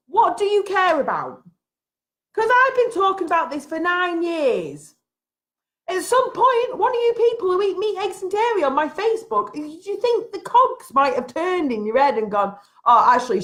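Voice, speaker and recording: A high-pitched woman vents straight to camera in a vlog from home. She sounds frustrated and emphatic, circling back to the same points again and again. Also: fairly bright tone. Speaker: vlogger. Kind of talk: impassioned rant to camera. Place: at home, having just got out of bed.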